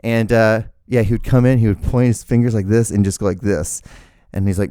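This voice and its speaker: A young man hosting his own show, telling rambling, animated stories with lots of fillers and casual swearing. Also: medium pitch, quick pace, smooth, no echo, studio quality. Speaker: podcast host. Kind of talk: casual storytelling monologue.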